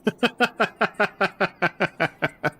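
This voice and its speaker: A man's voice: high voice, very slow, bright, forceful tone, breathy edge. A young man streaming a game, riffing with chat in crude, slangy jokes. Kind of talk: casual gameplay chat.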